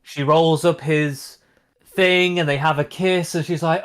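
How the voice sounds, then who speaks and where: Casual podcast co-host, man, slightly high pitch, rambling animated storyteller. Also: measured pace. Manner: rambling, animated plot retelling with many fillers. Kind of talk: casual chat.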